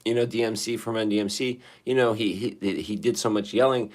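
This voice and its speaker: A man on a casual live stream from his bathroom, rambling and swearing to his viewers, his voice hoarse and shaky after singing. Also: on the low side, steady tone, brisk. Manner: rambling, profane, talking to chat. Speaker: livestreamer. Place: sitting in a bathroom.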